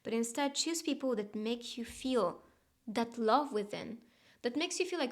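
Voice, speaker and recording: A woman with a slightly high voice reads tarot cards in a casual, chatty way. She talks gently, laughs often, and sometimes drops into soft whispered asides. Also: expressive, measured pace. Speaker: tarot reader. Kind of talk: casual tarot reading monologue.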